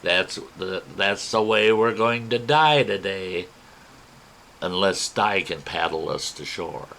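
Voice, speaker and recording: A man with a fairly low voice recounts a personal adventure in a folksy, animated way, slipping into the voices of the people he quotes. A faint hiss of background ambience sits under his voice. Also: slow pace, vocal fry, rough recording. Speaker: storyteller. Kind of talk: spoken personal story.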